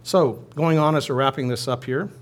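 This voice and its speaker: A man's voice: medium pitch, moderate pace. A man preaching a sermon in a conversational manner, often restarting his phrases and leading his listeners in a responsive reading. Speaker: pastor.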